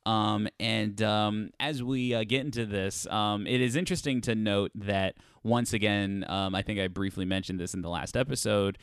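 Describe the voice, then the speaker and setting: A podcast co-host with a fairly low, clear and resonant voice chats casually at a moderate pace, his intonation fairly even and his tone fairly bright. He rambles with frequent ums and restarts, hardly pausing. The clean studio sound has no room sound.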